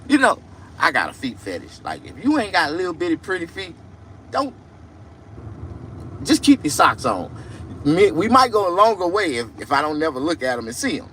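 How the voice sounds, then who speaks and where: A man telling crude comic stories, shouting and shrieking for effect. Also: fairly high pitch, sing-song, moderate pace, a little hiss or hum. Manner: crude, loud, shrieking storytelling. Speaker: comedian. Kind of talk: comic monologue.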